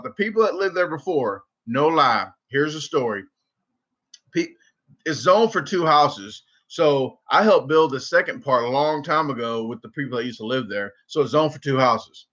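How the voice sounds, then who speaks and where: A man with a Southern US accent telling a rambling story casually on a livestream, with many restarts. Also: on the high side. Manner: rambling, repeats and restarts, animated when quoting. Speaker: livestream host. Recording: dull lo-fi livestream audio.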